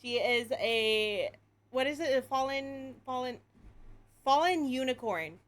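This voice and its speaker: A woman streaming live in casual chat, excitable, laughing often and swearing freely. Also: sits high, slow pace.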